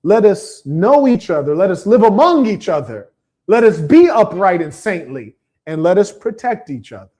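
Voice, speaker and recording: A man's voice: high voice, sing-song, normal speed, warm tone. A man hosting a livestream, delivering a preachy, combative monologue and reading out viewer comments, with emphatic repetition. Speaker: live stream host.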